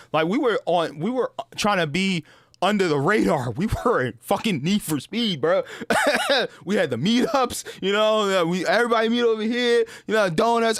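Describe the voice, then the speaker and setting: Slangy, animated man with a higher voice. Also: no echo, studio quality. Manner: slangy and profane, peppered with "bro" and "dude"; animated, acts out sounds and voices. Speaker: gaming channel host. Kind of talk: casual storytelling to camera.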